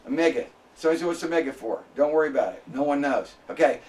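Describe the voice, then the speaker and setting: Guy lecturing a classroom, kinda high voice, mic far off, keeps checking "okay?". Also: lively intonation, a little mellow. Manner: spells out sounds slowly, checks in with "okay?".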